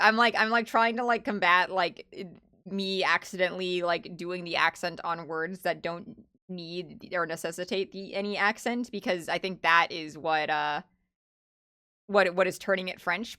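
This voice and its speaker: A woman's voice: fairly low pitch, steady tone, moderate pace, sharp tone. A young woman streaming a game, chatting casually with lots of restarts and swearing. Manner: rambling, stammering, many restarts.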